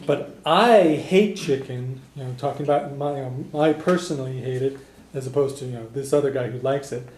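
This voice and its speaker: A man teaching a beginner language class, relaxed and chuckling, with plenty of fillers. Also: mid-range voice, fast talker. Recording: echoey classroom.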